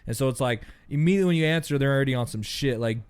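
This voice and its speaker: Young male co-host, smooth resonant voice, swears freely, riffs and mimics callers. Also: medium pitch, rapid-fire. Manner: loose and profane, acts out angry callers. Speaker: podcast co-host. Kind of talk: casual chat.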